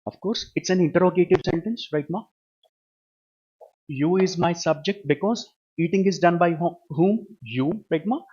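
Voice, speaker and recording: A higher-pitched man teaching an online grammar class. He has a husky voice and keeps repeating each question before he answers it. The recording sounds dull and lo-fi. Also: moderate pace, darkish tone. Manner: repeats questions and answers them himself, with frequent tag "right, ma?". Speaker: English teacher.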